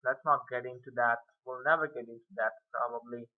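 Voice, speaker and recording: A man's voice: medium pitch, fairly even intonation, brisk, narrow, tinny audio. A man giving a casual whiteboard math lesson, rambling and muttering self-mocking asides as he works through the steps. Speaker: math tutor.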